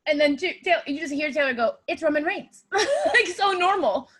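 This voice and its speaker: High bright lady ranting about wrestling, swears a ton, laughs a lot. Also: lively intonation, normal speed. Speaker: podcast co-host. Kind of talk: casual wrestling chat.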